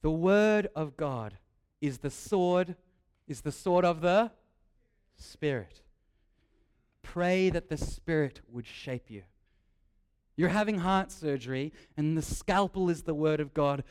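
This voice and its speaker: A young man preaching a sermon, lively and joking, repeating his key phrases. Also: on the high side, slow pace, pauses often, clear, resonant tone.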